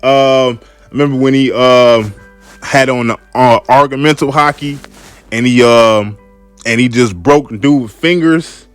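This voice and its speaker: Chill guy on his podcast, talks slow and loose, keeps saying man, dry close mic. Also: mid-range voice, smooth, no echo, faint music behind. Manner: laid-back, repeats himself, says "man" often. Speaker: podcast host. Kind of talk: casual solo anime podcast talk.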